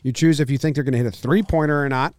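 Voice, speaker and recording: A man's voice: medium pitch, fairly even intonation, racing, darkish tone, no room sound. A man co-hosting a sports podcast, talking in a dry, sarcastic way and joking through his ad reads. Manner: dry, sarcastic, repeats jokes. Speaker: podcast co-host. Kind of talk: casual sports chat.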